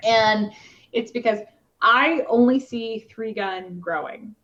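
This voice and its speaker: A woman's voice: on the high side, takes it slowly, a bit bright. A woman, a competitive shooter, talking casually in a podcast interview, with many fillers and restarts. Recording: slightly dull lo-fi podcast audio.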